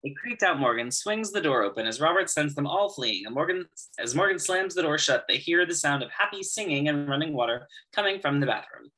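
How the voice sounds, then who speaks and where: Husky bright-voiced male narrator. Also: a little high, lively intonation, brisk, few pauses, low-quality recording. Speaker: narrator reading stage directions. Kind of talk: script narration in an amateur audio drama.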